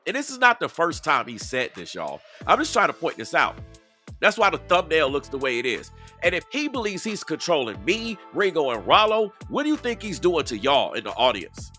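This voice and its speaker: A man's voice: on the high side, wildly swooping pitch, normal speed, sharp tone, soft background music. A man hosting a casual live-stream commentary, talking straight to his viewers and repeating himself for emphasis. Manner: repetitive, emphatic, addresses viewers directly. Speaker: online commentary host. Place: outdoors.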